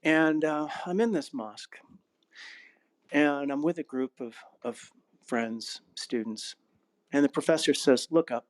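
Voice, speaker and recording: A man who is an actor, narrator and acting coach, talking reflectively in an interview and telling stories with a laugh, slowing down on key phrases. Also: on the high side, no room sound. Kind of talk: casual interview conversation.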